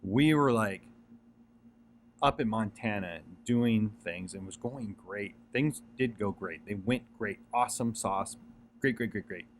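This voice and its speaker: A man with a fairly low voice speaks earnestly, giving a casual motivational talk. He circles back over his points, repeats phrases and fills gaps with "um" and "like". A faint ambient hiss sits under the recording. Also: unhurried. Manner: earnest, repetitive, many fillers and restarts.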